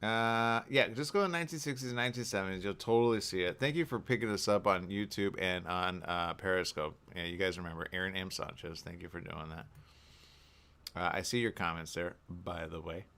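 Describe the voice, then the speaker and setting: A man hosting a casual radio morning show, animated and jokey, with big jumps in pitch for emphasis. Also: a little fast, clean tone. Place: radio studio.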